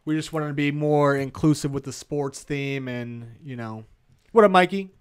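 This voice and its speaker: A man's voice: medium pitch, fairly even intonation, normal speed, darkish tone, clean tone. Upbeat male sports podcast co-host. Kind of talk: casual sports chat.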